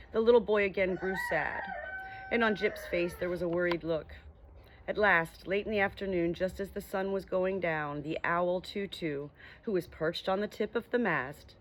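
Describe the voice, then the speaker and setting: A woman reading a children's story aloud with gentle, expressive narration. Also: on the low side. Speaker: audiobook reader.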